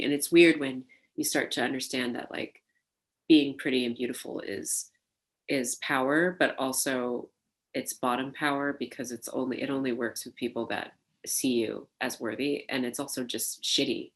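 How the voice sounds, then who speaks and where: Low-voiced woman telling her story. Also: moderate pace. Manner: animated, laughing, acts out quoted voices, many fillers. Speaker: burlesque performer interviewed for an oral history. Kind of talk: reflective interview storytelling.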